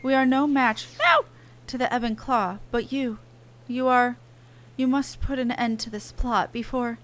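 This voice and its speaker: An actress voicing a mysterious, earnest young woman in a video game cutscene, speaking in a halting, pleading way. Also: a little high, animated, fairly bright tone. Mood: urgent pleading. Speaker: game character.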